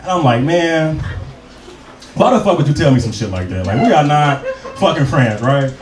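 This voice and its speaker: A man's voice: fairly high pitch, lively intonation, moderate pace, background noise. A young adult man doing a profane, loose stand-up set, telling stories and working the crowd. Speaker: stand-up comedian. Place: comedy club stage. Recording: roomy live club sound from a distance with crowd.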